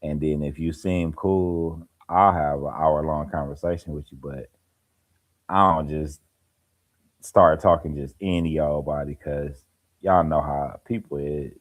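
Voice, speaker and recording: Extremely low in pitch, steady, and unhurried, a man's voice carries casual live-stream chat. He's relaxed, spinning stories and laughing throughout, speaking with an African American Vernacular English accent from the American Midwest or East Coast.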